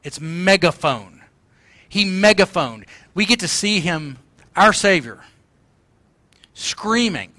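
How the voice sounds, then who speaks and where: Male pastor, sermon, impassioned, emphatic repetition, high voice, dry close sound. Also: lively intonation, takes it slowly, sharp tone, dry recording. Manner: impassioned, crying out quoted lines.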